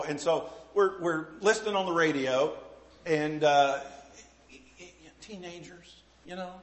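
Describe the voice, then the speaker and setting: Animated folksy preacher man. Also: fairly high pitch. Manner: folksy, self-deprecating storytelling. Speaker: pastor. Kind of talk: sermon. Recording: echoey room.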